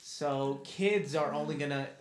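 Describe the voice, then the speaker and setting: A man's voice: fairly high pitch, a little slow. A young man co-hosting a casual podcast, laid-back and mocking as he talks about wedding guests. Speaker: podcast co-host, fiancé. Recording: echoey room.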